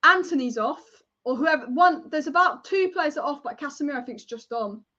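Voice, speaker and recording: A young woman hosting a live football watch-along, excitable and casual, chanting and swearing as she reacts. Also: sits high, a little fast. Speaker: football fan livestream host. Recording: dull lo-fi stream audio.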